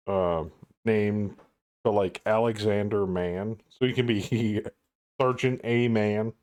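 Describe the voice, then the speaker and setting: Male streamer, low-pitched, crude jokey banter over a game. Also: fairly even intonation, slow pace, a little mellow. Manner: crude, jokey, laughs often. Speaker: streamer playing a co-op mech game. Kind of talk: casual joking game chat.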